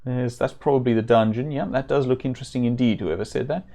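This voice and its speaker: A man's voice: medium pitch, steady tone, fast talker, mellow. Chatty man streaming a game. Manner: chatty, self-deprecating asides. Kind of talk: casual gameplay commentary.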